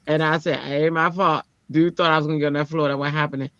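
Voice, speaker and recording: A woman tells a story in casual chat, animated and lively. She slips into the voices of the people she quotes with sudden jumps in pitch. The sound is dry and a bit dull, like a lo-fi stream mic. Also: fast, no room sound. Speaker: teacher.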